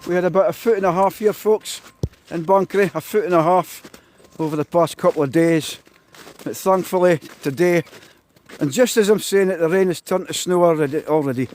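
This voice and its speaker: A man's voice: sits high, brisk, a little mellow. A Scottish man chatting casually on a phone live-stream while he drives and then walks out in the snow, greeting his viewers again and again. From Scotland. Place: in a car, then outdoors in snow. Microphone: mobile phone. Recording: phone mic with road and car noise.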